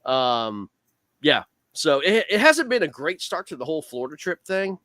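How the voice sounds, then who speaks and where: Over a video call, a guest angler rambles animatedly through a long fishing story, dropping "man" and "dude" again and again. His voice is fairly high at a moderate pace, with no echo.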